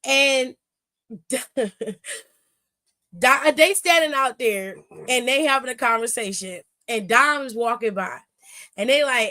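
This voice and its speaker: Animated woman recapping, slangy and laughing. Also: high voice, slow, long pauses. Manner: animated storytelling, slangy, acts out quotes, laughs often. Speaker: wrestling recap host. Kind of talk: casual recap commentary.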